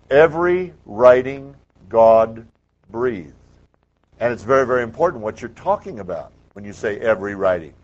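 A man's voice: mid-range voice, a little mellow. A man teaching a classroom Bible lecture, emphatic and quizzing the class with questions. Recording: muffled lo-fi classroom recording.

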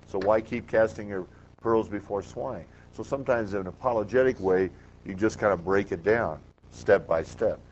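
A man lecturing a class on scripture in a lowish voice, stressing key words and firing questions at his students. The recording is muffled and lo-fi, as if taped in a classroom. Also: a little hiss or hum. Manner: emphatic, asks the class questions. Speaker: Bible teacher.

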